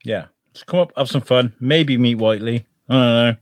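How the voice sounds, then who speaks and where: A young man from Portsmouth hosts a relaxed podcast, teasing and joking freely. His voice sits mid-pitch and sounds close and dry. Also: normal speed, no echo. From Portsmouth, southern England. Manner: jokey, playful. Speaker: podcast host. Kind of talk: casual chat.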